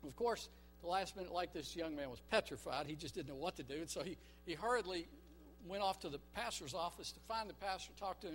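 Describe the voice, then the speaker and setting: A man's voice: on the high side, slight background noise. A man preaching a sermon in church, emphatic and storytelling, drawing the congregation into call-and-response. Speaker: pastor.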